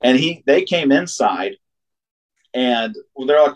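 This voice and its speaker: This Ohio singer-songwriter, appearing as a guest, tells a road story slowly in a mid-range voice, staying animated, laughing a lot and performing the voices of people he quotes. It's casual storytelling on a rough recording.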